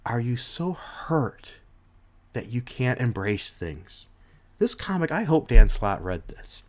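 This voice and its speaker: A man's voice: mid-range voice, big pitch swings, slow. A man giving a casual, rambling comic book review with frequent restarts.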